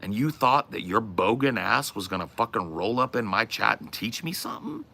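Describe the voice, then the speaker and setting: A man's voice: on the low side, very animated, moderate pace, vocal fry, pushed and bright. A man from the US West Coast ranting on his livestream, brash, profane and trash-talking. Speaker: streamer. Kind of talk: casual livestream rant.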